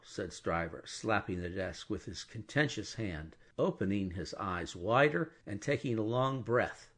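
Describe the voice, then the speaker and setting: Husky male audiobook narrator. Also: lowish voice, lively intonation, a little slow, hardly any pauses, fairly bright tone. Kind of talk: scripted narration.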